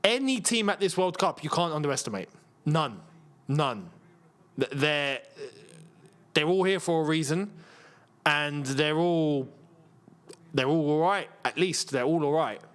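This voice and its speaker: Man, football watchalong host, high-pitched voice, chatty and jokey. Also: a little slow, pauses often. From England. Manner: excitable bursts at match action. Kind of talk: live match watchalong commentary.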